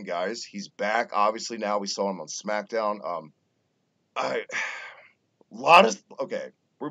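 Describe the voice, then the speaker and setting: A man hosting a casual podcast, talking in an animated way and swearing freely. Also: medium pitch. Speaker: podcast host. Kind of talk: casual wrestling podcast chat. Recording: dull lo-fi audio.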